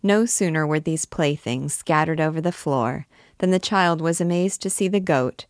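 A woman reading a classic novel aloud in a measured, expressive storytelling manner. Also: deep voice, dry recording, studio quality. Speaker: reader.

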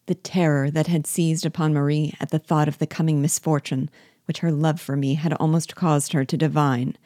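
A woman reading a classic novel aloud in a measured, steady narration. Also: low voice, no room sound, clean studio sound. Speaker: reader.

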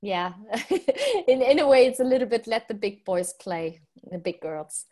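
A woman's voice: medium pitch, animated, moderate pace, dark tone. A woman co-hosting a conference, casually walking through the schedule in an orderly way. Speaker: conference co-host. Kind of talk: casual chat.

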